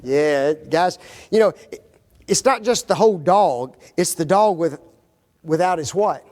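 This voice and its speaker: A man's voice: fairly high pitch, lively intonation, a little slow, a little mellow. A man teaching a Bible class lesson, quizzing his audience with fill-in-the-blank questions and folksy, joking asides.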